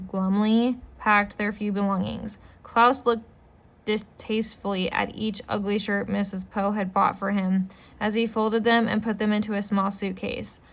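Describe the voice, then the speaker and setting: A woman reading a children's novel aloud as a storyteller, steady and unhurried. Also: mid-range voice.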